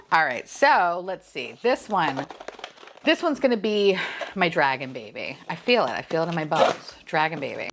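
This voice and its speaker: A young woman chatting casually as she unboxes collectibles, excitable, laughing often and cursing freely. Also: sits low, measured pace, slight background noise.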